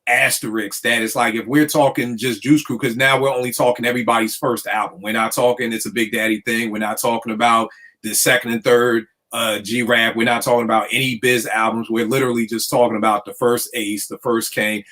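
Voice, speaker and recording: A man talking casually as a podcast host, his voice sitting at an ordinary middle pitch. He chats in a relaxed, rambling way, with a steady everyday delivery. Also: moderate pace. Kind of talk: casual chat.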